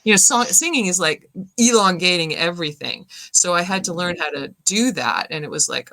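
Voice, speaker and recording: A woman, chatting as a guest in a relaxed interview, lively and laughing often. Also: lowish voice, moderate pace, no echo. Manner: lively, laughing, animated storyteller. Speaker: guest, singer and voice actor. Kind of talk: casual video-call chat.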